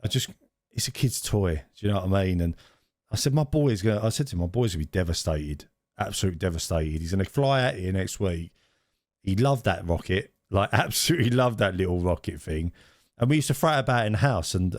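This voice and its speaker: A man's voice: deep voice, fairly quick, dry recording, studio quality. A man, co-hosting a casual podcast and telling stories animatedly with many restarts. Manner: animated storyteller, repeats and restarts phrases. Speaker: podcast co-host. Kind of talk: casual chat.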